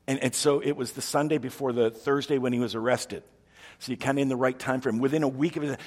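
A man preaching a sermon as a pastor, telling stories with lively energy and acting out the people he quotes. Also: mid-range voice, slightly rough.

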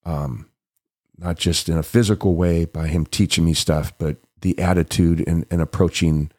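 A man's voice: low-pitched, fairly even intonation, normal speed. A middle-aged man hosting his own podcast, casually reminiscing about a friend, often laughing and acting out what others said. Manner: warm reminiscing, laughing often, acts out quoted voices. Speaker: podcast host. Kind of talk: casual storytelling.

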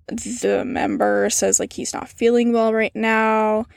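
A woman talking casually on a podcast, her speech loose and full of "like" and "um" as she recounts events. Her voice sits at a middle pitch and sounds close and dry, with no room around it. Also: fairly even intonation, a little slow, creaky, few pauses, dry recording. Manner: casual, many fillers, reads out quotes in a subdued tone. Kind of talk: casual chat.

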